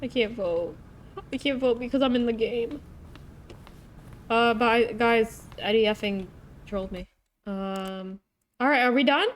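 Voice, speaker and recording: Excitable young woman streamer chatting. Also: on the high side, measured pace, pauses often, a little hiss or hum. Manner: chatty, excitable, talks to chat. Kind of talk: casual live-stream chat.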